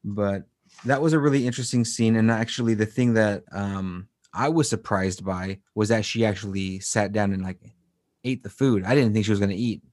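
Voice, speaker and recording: A man's voice: fairly low pitch, fairly even intonation, moderate pace, a little mellow, no echo, studio quality. A man co-hosting a podcast, recapping an anime episode in a rambling way, with many fillers and restarts. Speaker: podcast co-host.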